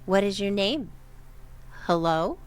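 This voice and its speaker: A woman voicing an eerie creature that mimics a man's voice, asking the same questions over and over in a slightly low, quiet tone. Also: expressive, takes it slowly, smooth. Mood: flat. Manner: repetitive, insistent questioning. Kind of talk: storytelling reading aloud.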